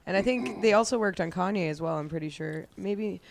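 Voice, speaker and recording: A man in a casual comedy chat, excitable and rambling. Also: high voice, fairly quick, vocal fry, slight background noise.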